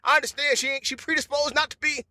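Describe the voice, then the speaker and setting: A man delivers a rambling comedic monologue on his podcast, animated and repetitive, laughing as he goes. His voice sits very high and sounds sharp and bright. The recording is dry and close, with no room sound. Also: fast, no room sound. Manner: animated, repeats phrases, bursts of laughter.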